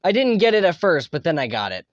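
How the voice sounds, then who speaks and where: Excitable, swearing young male streamer. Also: on the high side, fast talker, dry recording. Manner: excitable, profane, laughs a lot. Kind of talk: casual game-stream chat. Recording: dull lo-fi mic, dry.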